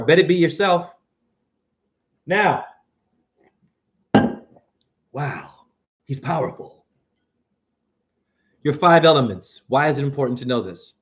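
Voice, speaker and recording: A middle-aged man giving a fast, profane, rambling spiritual monologue that swings between loud and soft. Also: fairly high pitch. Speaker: self-styled spiritual teacher.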